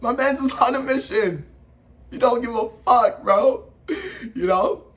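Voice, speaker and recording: A man reviews anime in casual, hyped commentary. His voice sits high and he talks with animated energy, full of slang and sound effects. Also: slow.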